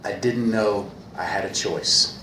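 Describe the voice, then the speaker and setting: Earnest low-voiced man in an echoey room. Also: bright, forceful tone. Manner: earnest, repeats a refrain, halting with fillers. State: a little emotional. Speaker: recovery meeting speaker. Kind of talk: personal talk at a meeting. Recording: echoey room with faint hiss.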